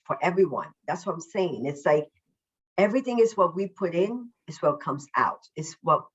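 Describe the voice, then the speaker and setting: A woman, a self-love coach, talking as a podcast guest over a video call, effusive and emphatic, deliberately slowing down her naturally quick way of speaking. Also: sits low, slightly rough, lo-fi sound. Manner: deliberately slowing her usual fast speech. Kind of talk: casual podcast interview.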